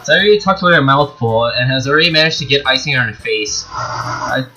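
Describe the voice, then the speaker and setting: A man's voice: medium pitch, animated, moderate pace, music in the background, rough recording. A young man doing let's-play commentary, reading a visual novel aloud and rambling, correcting himself and laughing at his own jokes. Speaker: gaming YouTuber.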